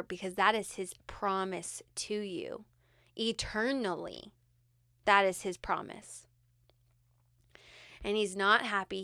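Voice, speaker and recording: A woman co-hosting a podcast, leading a guided prayer meditation in a soft-spoken, earnest way. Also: mid-range voice, clean tone, no room sound, clean studio sound. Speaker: podcast co-host.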